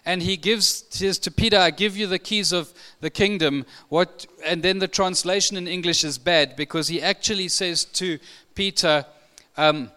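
A man preaching a sermon, expressive and emphatic, his voice lifting when he quotes scripture. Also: high-pitched, normal speed, clear, resonant tone.

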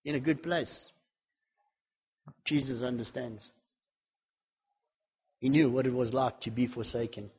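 A man preaching a sermon with a fervent delivery, swinging from loud declarations to hushed intensity and building repeated lists and refrains. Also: mid-range voice, a little slow, pauses often, husky, in a large hall, lo-fi sound.

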